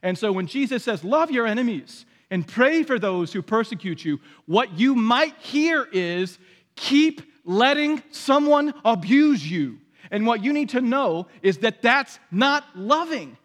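A man's voice: very high voice, expressive, normal speed, hardly any pauses, a bit bright, in a large hall. A man preaching a sermon in a conversational way, acting out the voices he quotes. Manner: conversational, acts out quoted voices, many restarts.

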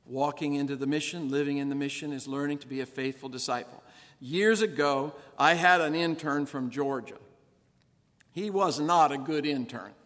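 A man's voice: a little high, moderate pace, a bit bright. A male pastor delivering an earnest, emphatic sermon full of rhetorical questions. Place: church. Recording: reverberant church sanctuary.

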